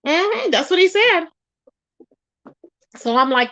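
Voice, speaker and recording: A woman's voice: sits high, lively intonation, slow, fairly bright tone, dry recording, dull audio. A woman hosting a casual livestream gossip chat, greeting viewers by name and calling them child and baby. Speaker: livestream commentary host.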